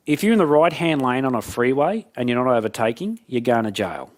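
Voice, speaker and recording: A man gives a keynote talk. His voice sits in a middle pitch, and he tells stories in an animated, joking manner. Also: fairly quick. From Australia. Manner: animated, jokey storyteller. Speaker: motivational speaker.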